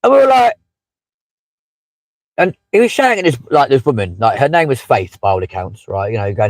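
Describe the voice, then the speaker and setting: A man's voice: mid-range voice, big pitch swings, fairly quick, pauses often, no echo, low-quality recording. Rambling man chatting from a car. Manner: chatty and rambling, with many fillers and asides. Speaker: livestream host. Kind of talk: casual live-stream chat, reading out viewer comments. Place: inside a parked car in a car park.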